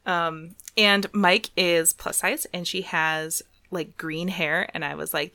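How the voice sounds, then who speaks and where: Young woman, casual podcast host, slightly low voice, giggly, filler-heavy, dry close sound. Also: steady tone, takes it slowly, few pauses, bright, forceful tone, no room sound. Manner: chatty, giggly, many fillers. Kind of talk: casual chat.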